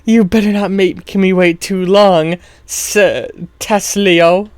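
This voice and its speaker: A man's voice: sits high, fairly even intonation, slow pace, clean tone, no room sound. A man playing a flirtatious blonde woman in a soap opera, speaking coyly. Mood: flirty. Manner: coy, flirtatious.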